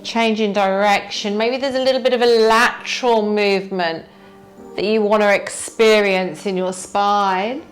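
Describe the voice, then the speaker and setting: A woman teacher guiding a yoga warm-up, gently asking the listener what they feel in the body. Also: mid-range voice, steady tone, soft background music. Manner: slow, gentle, inviting questions to the listener. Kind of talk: guided yoga class instruction.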